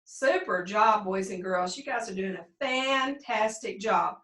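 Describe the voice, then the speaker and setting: A woman teaching a second grade phonics lesson to children, slow and sing-song, stretching out the sounds. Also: medium pitch, a bit bright. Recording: echoey room, a bit distant.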